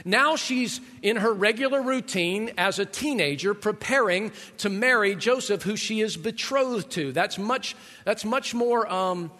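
A middle-aged male pastor preaches conversationally, often throwing rhetorical questions at his congregation. He speaks a little slowly with hardly any pauses, his high voice expressive, bright and forceful. Long hall reverb colors the recording.

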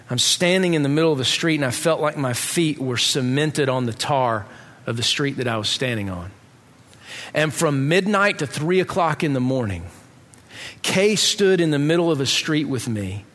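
A middle-aged man giving a personal testimony in an animated, comic storytelling manner. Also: medium pitch. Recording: reverberant hall.

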